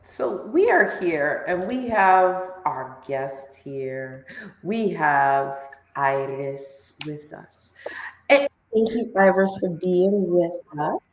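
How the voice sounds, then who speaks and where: Animated woman co-hosting, echoey room. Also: lowish voice, takes it slowly, slight background noise. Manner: animated storyteller acting out dialogue. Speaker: podcast co-host. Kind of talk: casual chat.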